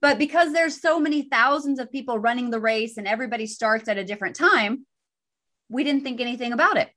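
A woman with a slightly high voice chatting on a podcast. She tells stories in an animated, self-deprecating way, with a relaxed conversational flow. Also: quick pace. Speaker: podcast co-host. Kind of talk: casual chat.

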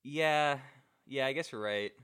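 Co-hosting a relaxed film podcast, a young man speaks a little slowly in a clear, resonant, medium-pitched voice. He's lively, breaks into laughter frequently, and quotes characters from the movie.

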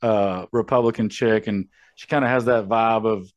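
A man with a mid-range voice co-hosts a casual podcast, easygoing and calm as he argues, chuckling often. The sound is dry and close. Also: fairly low pitch, moderate pace, dry recording, muffled recording. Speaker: podcast co-host.

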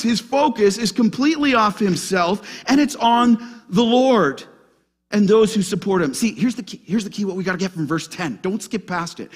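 A male pastor preaching a sermon in a church, with an animated delivery that puts questions to the congregation. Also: high voice, husky.

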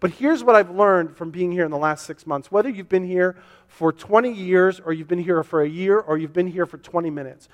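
A man's voice: high voice, fairly quick, dull audio. A man pastor preaching a sermon in a church, earnest and repetitive, voicing the questions his listeners ask. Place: church sanctuary. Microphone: to a camera for online viewers. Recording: long hall reverb.

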